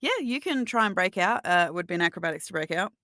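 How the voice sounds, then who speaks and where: A woman's voice: fairly low pitch, expressive, fast talker, pushed and bright, no room sound, studio quality. A woman narrating and refereeing a tabletop role-playing game in a playful way. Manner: playful, laughs often. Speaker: game master.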